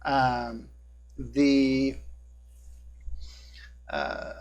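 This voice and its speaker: A man narrating a tabletop game as game master and hosting a live stream, talking casually with many fillers and a hushed tone for eerie scenes. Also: mid-range voice, extremely slow, dull audio. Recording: faint buzzing hum in the background.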